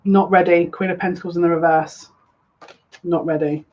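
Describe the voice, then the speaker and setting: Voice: mid-range voice, steady tone, moderate pace, darkish tone. A tarot reader giving a live reading in a casual way. They often repeat phrases and keep saying "yeah, look.". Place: home room, lighting incense. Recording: dull lo-fi with faint noise.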